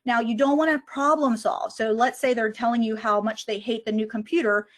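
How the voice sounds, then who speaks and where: A woman's voice: a little high, steady tone, a little fast. A woman giving an online lecture on physician well-being, explaining step by step how to approach a struggling colleague. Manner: explanatory, models conversations step by step.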